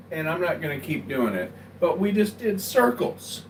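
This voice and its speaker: A man's voice: fairly high pitch, very animated, normal speed, hardly any pauses, a little hiss or hum. A man livestreaming from his home, telling a rambling personal story in a casual way and often checking in with "right?". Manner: rambling, tags lines with "right?". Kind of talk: casual storytelling to a live chat. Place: at home, indoors.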